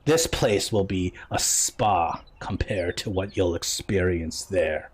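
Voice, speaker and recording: A man's voice: husky, heavily acted. Man growling as a vengeful naval admiral. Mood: menacing. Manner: low threatening growl, slow and deliberate.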